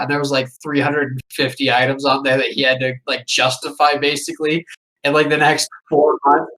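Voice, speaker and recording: A man's voice: mid-range voice, flat delivery, a little fast, fairly bright tone, low-quality recording. A young man co-hosting a podcast, telling a rambling story full of swearing and asides. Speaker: podcast co-host. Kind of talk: casual chat.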